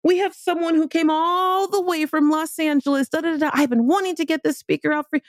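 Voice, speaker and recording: A bubbly woman organizer introduces a guest speaker with gushing enthusiasm, as a woman acts her out. Her voice rides high and bright. The sound is dry and close to the mic. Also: steady tone, a little fast, no echo, close to an everyday voice. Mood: excited. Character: excited woman event organizer.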